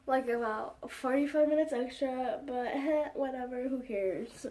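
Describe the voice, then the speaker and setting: A woman's voice: sits high, measured pace, hardly any pauses, a little mellow, far from the mic. A young woman vlogger telling a casual storytime, rambling along with lots of "like" and fillers. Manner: rambling, heavy use of "like" and fillers.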